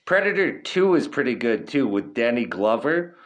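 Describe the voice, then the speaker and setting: A young man talks loosely into his podcast mic, cursing freely and circling back with "you know what I mean". His voice sits at an ordinary middle pitch, and his delivery stays relaxed and unscripted. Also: normal speed. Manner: profane, laid-back rambling with lots of fillers. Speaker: podcast host. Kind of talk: casual solo podcast talk.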